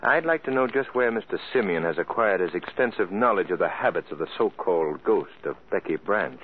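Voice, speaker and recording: Smooth assured detective, 1940s radio style, narrow lo-fi sound. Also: male voice, sits low, lively intonation, a little fast, slight background noise. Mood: confident. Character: suave male detective, calm and assured. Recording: phone-like old radio recording with music.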